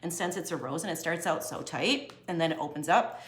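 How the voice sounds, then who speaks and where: A young woman with a low-pitched voice and lively intonation teaches drawing at a brisk pace. She's an art teacher who keeps things casual, joking and talking to herself as she shades in an echoey room.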